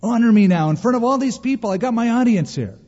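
A man's voice: very high-pitched, expressive, quick pace, a little mellow, voice pushed up. A man voicing a vain ancient king who pleads to be made to look good, in a showy, wheedling way. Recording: reverberant, dull lo-fi hall recording.

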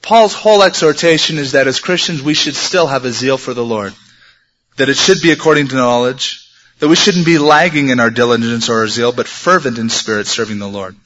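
A male pastor preaching a sermon in a conversational way that sometimes turns animated. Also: mid-range voice, fairly quick. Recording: dull lo-fi sermon recording.

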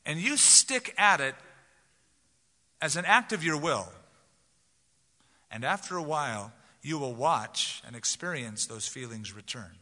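A man's voice: a little high, animated, a little slow, pauses often, sharp tone. A man preaching a sermon as pastor, talking to the congregation conversationally and acting out quoted voices. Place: large church sanctuary. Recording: long hall reverb.

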